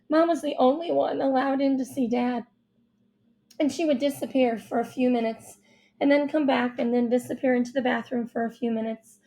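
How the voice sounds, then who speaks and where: Mellow-voiced woman narrating a children's story. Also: high voice. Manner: expressive, childlike first-person storytelling. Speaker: audiobook narrator. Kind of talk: first-person storybook narration.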